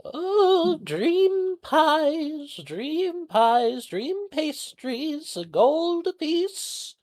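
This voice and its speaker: A woman voicing a nervous, hunched old female pie peddler who stammers in a high, sweet voice. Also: very animated, very slow, darkish tone, faint music behind, heavily acted. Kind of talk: tabletop role-play.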